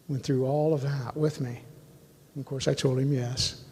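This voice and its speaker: A man's voice: medium pitch, little pitch movement, normal speed, a little mellow, slightly rough, big-room sound. A man giving an earnest, emotional personal testimony to a congregation in a church. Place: church sanctuary.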